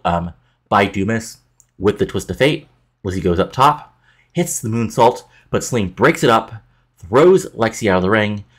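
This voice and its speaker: Man, casual game commentary, rambling, filler words, low voice, fast pace. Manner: rambling, many fillers like "you know". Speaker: game player narrating a wrestling booking game.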